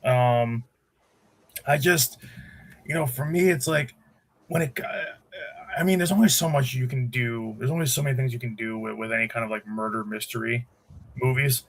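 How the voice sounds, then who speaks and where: A man's voice: mid-range voice, moderate pace, long pauses. A man co-hosting a podcast, giving a rambling, opinionated take in casual movie review chat. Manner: rambling, opinionated, many restarts. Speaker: podcast co-host.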